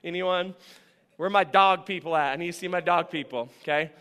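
A man preaching a sermon as a pastor in a church, conversational and animated, often asking the congregation questions. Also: high-pitched, a little fast, smooth, big-room sound. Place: church sanctuary.

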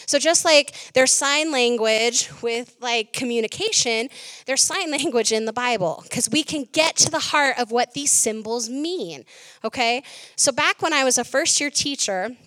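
A middle-aged woman preaching a sermon, telling a lively story and quoting herself with animated jumps in her voice. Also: on the high side, a little slow, no room sound.

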